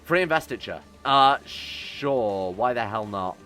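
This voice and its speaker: A man's voice: medium pitch, expressive, takes it slowly, bright, forceful tone, soft background music. A man commentating his own strategy game play, reading event text aloud and reacting with sarcasm and swearing. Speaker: let's-play host.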